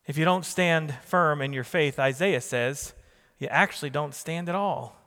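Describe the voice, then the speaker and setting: Man, pastor, sermon, emphatic repetition, questions to the congregation, fairly high voice, long hall reverb. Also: measured pace, sharp tone. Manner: emphatic preaching with repeated phrases and questions to the congregation.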